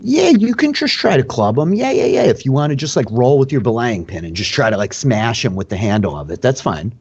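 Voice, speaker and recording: A young man running a tabletop game as dungeon master and host, explaining rules in a relaxed way with lots of fillers. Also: mid-range voice, a little fast, breathy edge, lo-fi sound.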